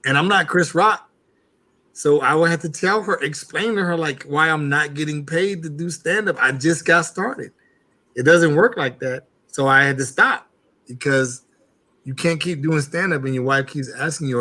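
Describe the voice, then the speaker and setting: A man's voice: fairly high pitch, normal speed, sharp tone. A man talking casually as a guest on a live barbecue stream, rambling with many restarts.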